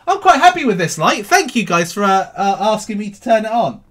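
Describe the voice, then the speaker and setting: A man hosting an animated crypto livestream, his high voice swinging between loud bursts and low mutters. He answers viewer questions in a cheeky, offhand way. The delivery is very lively throughout. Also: fairly quick.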